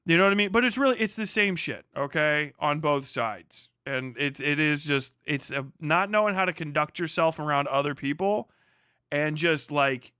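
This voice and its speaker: Bright, crisp-voiced man ranting casually. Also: on the high side, dry recording, clean studio sound. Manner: profane, rambling, laughing, mimics people in quick put-on voices. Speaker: livestream host. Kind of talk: casual rant.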